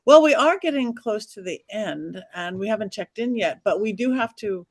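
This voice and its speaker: A woman co-hosting a casual film discussion, briskly moderating and addressing the chat. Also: mid-range voice, lively intonation. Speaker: podcast co-host.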